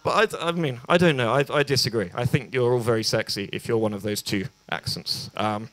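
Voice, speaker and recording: This is a young English stand-up doing an open-mic set in a small bar venue, speaking at normal speed in a mid-range voice. He comes across as unsure of himself, putting himself down and restarting often between ums.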